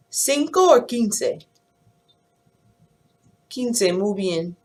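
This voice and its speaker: A woman teacher leads a language lesson at an unhurried pace, speaking slowly and deliberately. She explains in English, then counts and quizzes numbers aloud with clear, careful pronunciation. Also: mid-range voice, very animated. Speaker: Spanish teacher.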